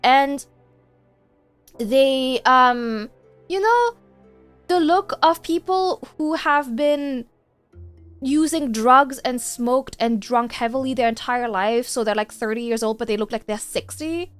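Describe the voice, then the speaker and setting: A woman streamer telling a story in casual chat while gaming, animated and exasperated, swearing freely. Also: high voice, takes it slowly, clean tone, dry recording, soft background music.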